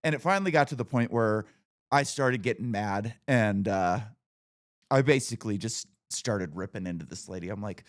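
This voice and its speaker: A man's voice: lowish voice, normal speed. A man in his forties hosting a podcast, telling stories in a blunt, profane, casual way. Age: 40s. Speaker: podcast host.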